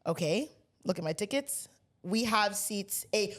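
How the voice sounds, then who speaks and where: A woman co-hosting a podcast, telling a story in a casual, animated way and acting out the people in it with plenty of swearing. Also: mid-range voice, measured pace. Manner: animated storyteller, acts out quoted voices, heavy swearing. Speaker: podcast co-host.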